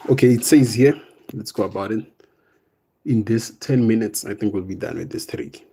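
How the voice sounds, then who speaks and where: A young man teaching math in a live online exam revision lesson, casual and step by step, often tagging on "right?" and "boom". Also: normal speed, creaky, warm tone, slightly rough. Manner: explains step by step, coaxing students.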